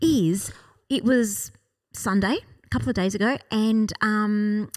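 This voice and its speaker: A woman's voice: mid-range voice, slow pace. A woman, co-hosting a podcast and telling family stories in casual chat, acting out her son's voice. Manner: animated storyteller, voices her son's lines. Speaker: podcast co-host.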